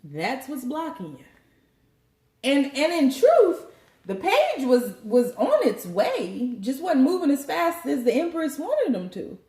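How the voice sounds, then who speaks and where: A woman's voice: sits high, wildly swooping pitch, slow, mellow. A woman giving a tarot card reading, preachy and joking, with some profanity. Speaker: tarot reader. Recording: roomy echo.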